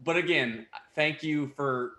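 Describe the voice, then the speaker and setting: A man's voice: on the high side, takes it slowly, sharp tone. A young man, a pro baseball player, chatting casually as a guest with frequent laughs and fillers. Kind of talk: casual interview chat. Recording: echoey room.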